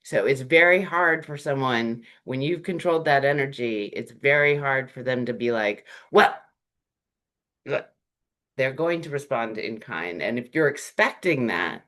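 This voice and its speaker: A workshop presenter speaking in a relaxed, conversational way, with frequent fillers and lively shifts in tone. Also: medium pitch, measured pace. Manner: animated, acts out short quoted greetings; chatty, with frequent "um" and "like".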